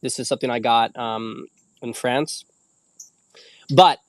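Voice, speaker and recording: A man's voice: mid-range voice, slow pace, no echo. Casual rambling man, dry close sound. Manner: rambling, casual, swears freely. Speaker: host. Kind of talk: casual livestream talk.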